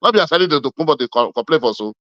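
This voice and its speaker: A man's voice: fairly high pitch, animated, very fast, a bit bright, no echo, highs cut off. A man from Edo State speaking Nigerian Pidgin, arguing politics insistently and repeating his points, calling the listener "my brother". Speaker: interviewee. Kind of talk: heated political argument.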